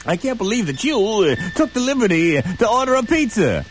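A man hosting a comic radio bit, telling a story in an exasperated, animated way on a studio mic. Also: sits high, faint music behind. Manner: exasperated, animated, does quick voices. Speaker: radio host.

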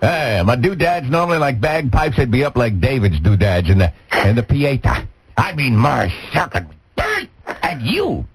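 A man's voice: mid-range voice, big pitch swings, measured pace, slightly rough, low-quality recording. A man hosting a radio show, telling leering, rambling bawdy stories with chuckles. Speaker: radio host. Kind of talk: bawdy comedic radio talk. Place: radio studio. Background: music bed.

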